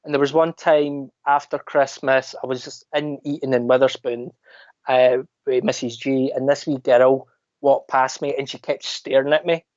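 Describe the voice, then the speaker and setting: A man with a Scottish accent, a podcast guest telling animated anecdotes in casual chat. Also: mid-range voice, normal speed, dry recording. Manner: animated anecdotes, mimics other people's voices. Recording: dull lo-fi dry sound.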